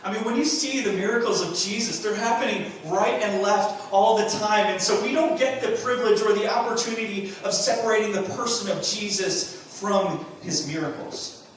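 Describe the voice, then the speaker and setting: A man's voice: high-pitched, normal speed, slight background noise. A man preaching a sermon as pastor, earnest, with rhetorical questions and emphatic bursts. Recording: very echoey room, mic from a distance.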